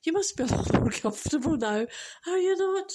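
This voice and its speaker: A woman's voice: mid-range voice, big pitch swings, normal speed, very noisy, close to an everyday voice. A Scottish woman doing a kind motherly stranger. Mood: coaxing. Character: kind caring woman helping a child.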